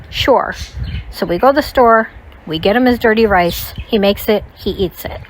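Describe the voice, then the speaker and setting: A woman's voice: medium pitch, normal speed, a little hiss or hum, poor audio. A woman recounting a personal story in a casual, rambling way, full of "like" and "you know". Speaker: storytime vlogger.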